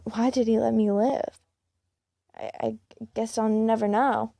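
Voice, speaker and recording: A woman reads a first-person fan story aloud in a plain, unpolished way, with the odd slip and restart. Her voice is gravelly, mellow in tone and a little high. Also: steady tone, measured pace, no echo. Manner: plain reading with small slips and restarts. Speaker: fan-fiction reader.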